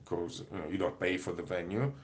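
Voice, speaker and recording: A man talks to camera in an easygoing vlog, drifting from one story to the next. His voice sits a little low, and he laughs often while he digresses. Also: fairly quick. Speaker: comedy performer. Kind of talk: casual vlog monologue.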